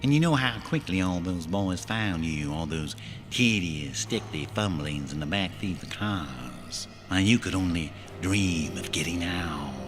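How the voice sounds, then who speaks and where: A man playing a menacing, cultured male killer doctor in a stage play, speaking slowly and mockingly. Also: sits low, expressive, over music. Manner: slow, sinister, mocking.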